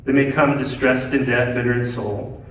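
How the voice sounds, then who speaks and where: A man preaching a sermon as pastor, swinging between loud emphatic lines and hushed ones. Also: mid-range voice, flat delivery, moderate pace. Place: church sanctuary. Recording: very echoey church hall, mic at a distance.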